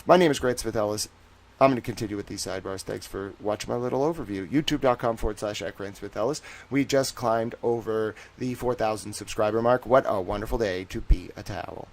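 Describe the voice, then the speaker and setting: A man hosting a casual livestream, slowly reading legal citations and breaking off into jokey asides to his chat. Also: lowish voice. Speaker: livestream host.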